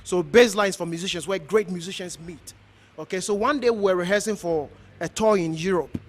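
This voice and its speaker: A middle-aged pastor from Ghana speaks to a gathered crowd in an earnest, exhorting way. His voice sits high for a man, and he circles back over his points as he presses them home. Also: a little fast. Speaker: pastor hosting an honoring event. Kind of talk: heartfelt speech to a gathering.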